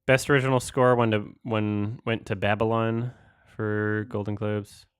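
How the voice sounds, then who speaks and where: A man's voice: lowish voice, little pitch movement, a little slow, smooth, no echo, studio quality. A young man hosting a casual online hangout, thinking aloud as he reads through award results. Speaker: host. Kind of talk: casual chat.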